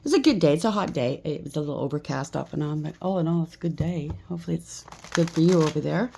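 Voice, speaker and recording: A woman's voice: low-pitched, quick pace, creaky, warm tone, a little hiss or hum. A woman giving a solo collective tarot reading, chatty and blunt, swearing freely. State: slightly out of breath. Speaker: tarot reader.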